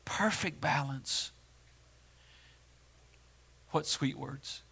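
A male pastor preaching a sermon in a dramatic way, swinging from hushed words to loud ones. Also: medium pitch, normal speed, pauses often.

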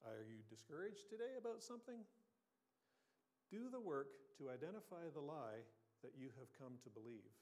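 A man's voice: on the high side, darkish tone. A man preaching a sermon in an earnest, conversational way, asking his listeners questions and sometimes restarting his sentences. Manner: occasional restarts and throat clearing. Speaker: pastor.

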